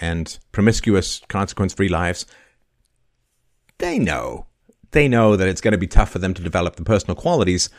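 A man hosting a call-in show, telling an animated story and acting out the quoted voices. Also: on the low side. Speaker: podcast host.

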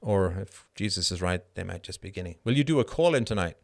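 A middle-aged man hosting a live show, answering chat questions in an animated monologue that keeps tossing in a rhetorical "right?". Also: low voice, fast, creaky. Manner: animated, frequent rhetorical "right?", laughs mid-sentence. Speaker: host.

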